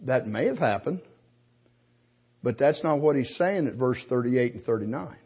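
A man preaching a sermon, slowing down and rising in force when he quotes scripture. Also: medium pitch, lively intonation, darkish tone, slightly rough, highs cut off. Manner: emphatic preaching, slows and rises to quote scripture.

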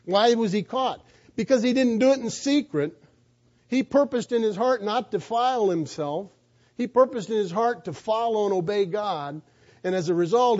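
High-voiced, mellow male preacher. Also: dull audio. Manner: emphatic storytelling with rhetorical questions. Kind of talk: sermon.

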